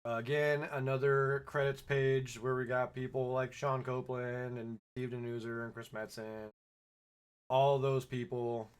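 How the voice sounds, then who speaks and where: A man's voice: medium pitch, level tone, a little slow, clear, resonant tone. A man hosting a podcast, chatting casually with a live audience and then reading a short story aloud in his own plain voice, his throat slightly scratchy.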